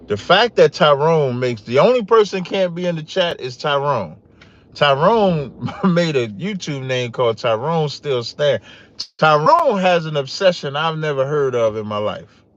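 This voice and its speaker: A man's voice: fairly high pitch, expressive, a little slow, fairly bright tone, lo-fi sound. A man hosting a casual livestream podcast, talking straight to his chat with rising, emphatic outbursts and calling his viewers y'all. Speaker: podcast host.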